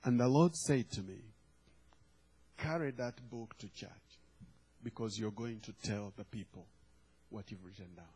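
A man's voice: on the low side, measured pace, pauses often, dark tone, slightly rough. A man preaching a sermon, telling a humorous story and acting out the quoted lines. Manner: storytelling with acted quotes and laughter.

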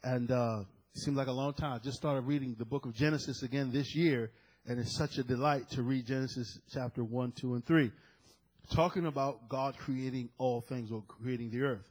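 A man's voice: medium pitch, steady tone, moderate pace, a little mellow, poor audio. A man preaching a sermon, reading scripture and calling out to the congregation. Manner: preaching with call-and-response to the congregation. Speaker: pastor.

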